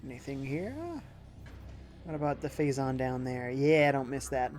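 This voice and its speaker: In a relaxed let's-play livestream, a gamer talks through his play and reads out chat messages. He has a mid-range, darkish voice with a level tone and moderate pace, and there's a little background noise.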